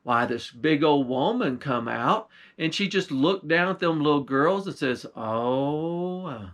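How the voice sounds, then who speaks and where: Man, pastor, folktale storyteller, country dialect, fairly high voice. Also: animated, measured pace, a bit bright. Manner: folksy rural dialect narration.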